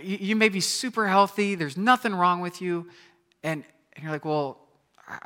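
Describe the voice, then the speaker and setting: A man in his thirties preaching a sermon, telling a personal story with animated storytelling and acting out scenes with sudden loud outbursts. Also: fairly high pitch. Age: 30s. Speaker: pastor.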